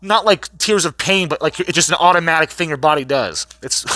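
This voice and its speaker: A young man giving a casual, profane recap vlog, animated and full of fillers and restarts. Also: fairly high pitch, normal speed, dry recording. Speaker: vlogger recapping a trial.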